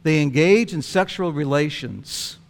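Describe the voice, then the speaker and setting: Animated male preacher, fairly high voice. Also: a little slow, creaky. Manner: animated storytelling, chuckling often. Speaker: pastor. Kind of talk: sermon.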